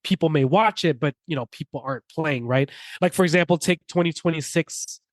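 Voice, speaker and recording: A man's voice: a little high, a little fast, dry recording. Rambling man hosting a podcast. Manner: rambling, heavy on fillers and restarts. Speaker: podcast host. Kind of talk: casual chat.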